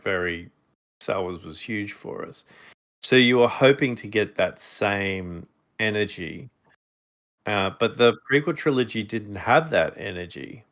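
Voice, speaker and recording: A man's voice: on the low side, creaky, a bit bright. A man co-hosting a podcast in casual chat, rambling with many fillers and restarts. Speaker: podcast co-host.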